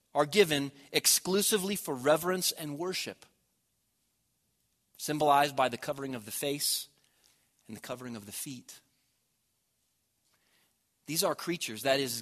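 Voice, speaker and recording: A man preaching a sermon, swelling loud on key words and dropping to a near hush at the ends of phrases. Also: a little high, a little slow, pauses often.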